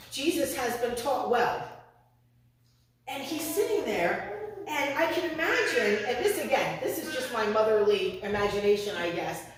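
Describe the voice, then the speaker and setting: A woman with a high voice preaches a sermon in a conversational, storytelling style, sometimes acting out the voices of the people in her story. She's heard from a distance in an echoey room, with slight background noise.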